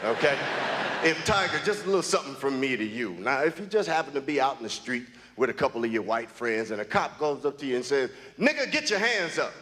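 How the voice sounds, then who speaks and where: A man doing a stand-up set in a comedy club, delivering jokes in a halting, drawn-out way with lots of pauses and fillers. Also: medium pitch, a bit bright. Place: comedy club stage before a live audience. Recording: live club recording with hall echo and audience laughter.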